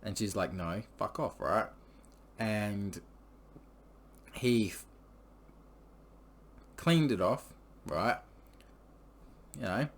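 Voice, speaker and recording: A man's voice: lowish voice, lively intonation, very slow, creaky, long pauses. A man telling a story in a casual, crude and rambling way, full of swearing and fillers. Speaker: vlogger.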